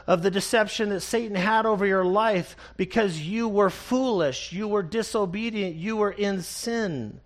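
A man preaching an expository sermon, earnest and emphatic, reading scripture slowly and repeating key phrases. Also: high voice. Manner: reads scripture slowly and deliberately. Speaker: pastor.

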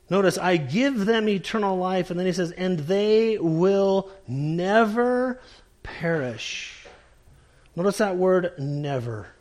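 A male pastor preaches an emphatic sermon, dropping into quiet, low lines for emphasis ahead of a communion prayer.

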